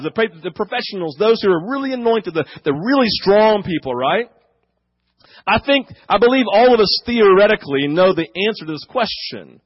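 A man with a high, husky voice preaches an emphatic sermon, swelling louder and then sinking quiet again. The sound is dry and a little dull, like a lo-fi recording. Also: no echo. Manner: emphatic, rising and falling in volume. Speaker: pastor.

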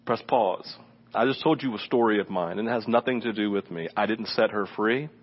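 A male pastor giving a sermon as a conversational, animated story, with asides to the congregation. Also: lowish voice, fairly quick, husky. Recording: dull lo-fi sermon recording.

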